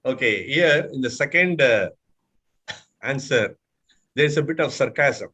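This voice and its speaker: A man's voice: mid-range voice, lively intonation, a little slow, bright, forceful tone, slightly rough. A man with an Indian English accent mentoring a speaking class over a video call, patiently showing tones by example. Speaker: speech mentor. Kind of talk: online mentoring session.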